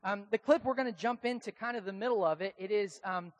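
A man's voice: high voice, quick pace. A man with an American accent preaching a sermon in a casual, conversational, self-deprecating way. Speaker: pastor.

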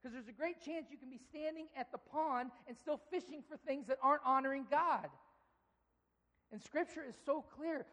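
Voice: high voice, fairly bright tone. Preacher telling a story in a reverberant hall. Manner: storytelling, acting out dialogue, rambling restarts. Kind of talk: sermon with a personal story.

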